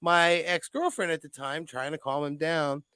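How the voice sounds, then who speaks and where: A young podcast co-host tells a story in casual chat, swearing freely and jumping into quoted voices. His voice is a little high and sharp, with fairly even intonation and normal speed. The sound is clean and studio quality, with no room sound.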